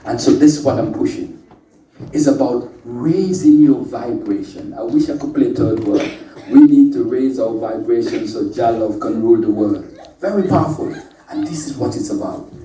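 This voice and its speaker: A man's voice: mid-range voice, normal speed, warm tone, slight background noise. A man giving an informal, playful talk to a live group, calling out to the audience and teasing them with wordplay. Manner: playful, chatty, calls out to the audience. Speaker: speaker at a spiritual workshop. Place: indoor meeting room with an audience. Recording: echoey room, voice from a distant mic.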